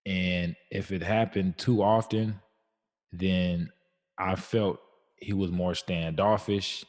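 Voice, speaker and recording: Very low-voiced laid-back man. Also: fairly even intonation, slow, long reverb tail. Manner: laid-back, slangy, reflective storytelling. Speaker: podcast co-host. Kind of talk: casual chat.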